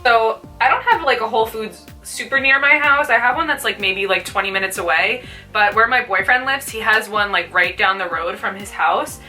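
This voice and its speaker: Chatty young woman, bright voice. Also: mid-range voice, normal speed, few pauses, recorded from a distance, faint music behind. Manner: chatty, fills speech with "like". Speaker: beauty vlogger. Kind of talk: casual chat during a makeup tutorial.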